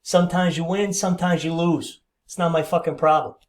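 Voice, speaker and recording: A man voicing a gruff, foul-mouthed middle-aged restaurant boss who talks loud and blunt. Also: a little high, steady tone, brisk, pitched above the performer's own voice, lightly acted. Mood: angry.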